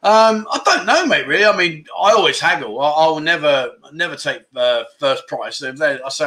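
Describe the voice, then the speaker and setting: A chatty man hosts a livestream and riffs on viewer comments. His voice sits a little high and rings bright and forceful. He jokes around, wanders off topic and forgets names mid-sentence. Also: expressive, fairly quick, hardly any pauses. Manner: rambling, jokey, loses his train of thought. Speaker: livestream host. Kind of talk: casual livestream chat, reading viewer comments.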